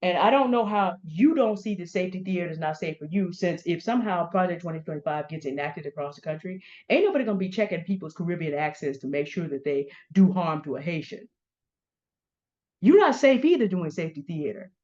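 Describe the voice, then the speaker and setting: A woman's voice: lowish voice, expressive, a little fast, a little mellow. A middle-aged woman giving pointed, confrontational commentary, speaking straight to the people she calls out by name. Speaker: commentary host. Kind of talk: direct-address commentary. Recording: dull lo-fi sound.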